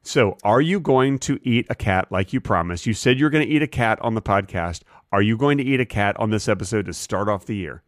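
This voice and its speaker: A man co-hosting a podcast in casual comedic chat, deadpan and playfully absurd, with wide pitch swings. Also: a little fast, hardly any pauses, no room sound, clean studio sound. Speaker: podcast co-host.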